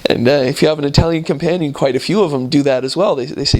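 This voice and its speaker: A man from the United States casually telling a story about living abroad, halting often and laughing at the absurd parts. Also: a little high, darkish tone.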